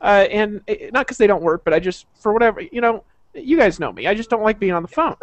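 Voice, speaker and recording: A man who works as a network marketer tells a story in an online group video chat, speaking quickly in a high, animated voice. Heard over a video call with dull audio and no room sound, he rambles and swears, repeating words and restarting often.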